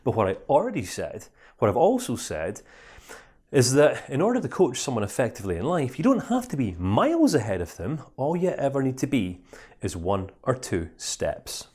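A man, a life coach, telling a parable in an animated, conversational lesson. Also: mid-range voice, normal speed, slightly rough. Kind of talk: storytelling lesson.

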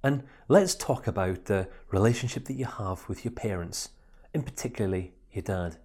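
A male life coach telling a story, his voice rising and falling in a lively, expressive way. He speaks conversationally and checks in with his listeners. The tone is casual and engaging. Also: lowish voice, normal speed, breathy edge. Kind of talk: storytelling lesson.

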